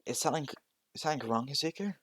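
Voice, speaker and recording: A man doing a soft, worried mother. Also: a little high, lively intonation, very fast, no echo, studio quality, pitched above the performer's own voice. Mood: soothing. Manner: soft and consoling.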